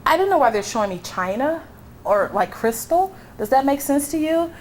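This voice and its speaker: A woman medium giving a live reading to an audience member at an expo, reassuring and emphatic, with breathy exclamations. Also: high-pitched, sing-song, moderate pace, slight background noise. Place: expo hall.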